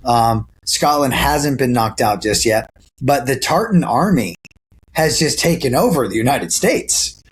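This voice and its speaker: A man's voice: medium pitch, animated, measured pace. Guy on a video call chatting, rambles with lots of ums, faint hiss behind. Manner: earnest, rambling with many fillers and restarts. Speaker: actor and guest. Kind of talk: casual interview chat. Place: home, sitting near a camera.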